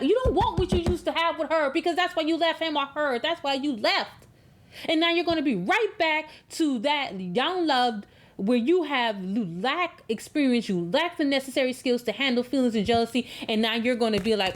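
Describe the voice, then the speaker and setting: A woman's voice: a little high, lively intonation, moderate pace. A woman giving a tarot love reading in an emphatic, preachy way, repeating words for stress. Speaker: tarot reader.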